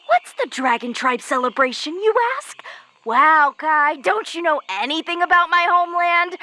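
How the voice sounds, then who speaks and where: A woman's voice: extremely high pitch, sharp tone, exaggerated voice. A woman voicing a hot-tempered, lonely teen girl fire master, chatting in a voice-note monologue and answering her own questions.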